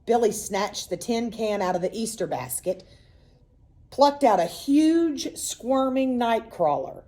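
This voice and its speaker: A woman reads a children's novel aloud with expressive storytelling. Her pitch swoops lively up and down as she brings the characters' lines to life. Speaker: reader.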